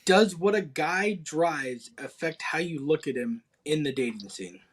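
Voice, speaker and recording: A man's voice: on the high side, lively intonation, unhurried, breathy edge. A man in a casual podcast chat who reads out questions and swears in surprise.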